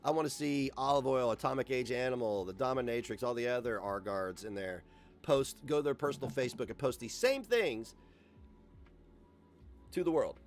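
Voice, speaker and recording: A man's voice: mid-range voice, lively intonation, normal speed, soft background music. A man ranting on a livestream, profane, combative and sarcastic. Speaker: livestream host.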